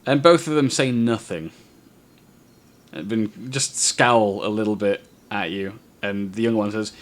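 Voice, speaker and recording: A man running a tabletop game as game master, explaining rules and narrating in a relaxed, halting way. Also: lowish voice.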